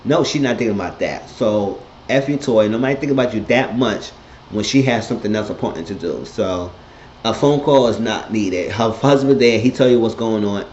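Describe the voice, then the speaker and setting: A man recapping a TV episode in a casual monologue, blunt and profane, telling it with animated energy. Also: on the low side, moderate pace, a little hiss or hum. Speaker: TV episode reviewer. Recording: echoey, dull lo-fi room sound.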